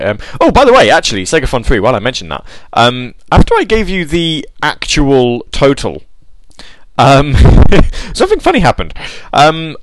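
A man's voice: mid-range voice, dry recording. Guy hosting his show, lots of ums, keeps correcting himself, voice swoops up and down, dry close sound. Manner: rambling, with many ums and self-corrections. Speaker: show host. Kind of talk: casual live-show chat.

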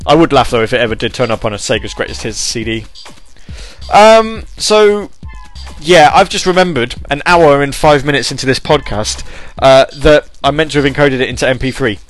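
A man hosting a podcast alone, rambling and self-deprecating, with many fillers and restarts. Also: medium pitch. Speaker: podcast host. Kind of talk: casual solo podcast chat.

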